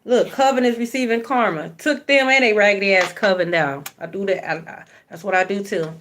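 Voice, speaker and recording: A woman's voice: mid-range voice, brisk, a bit bright, slight background noise. A woman giving a spiritual card reading, blunt and profane, preaching and repeating phrases for emphasis. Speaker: tarot card reader.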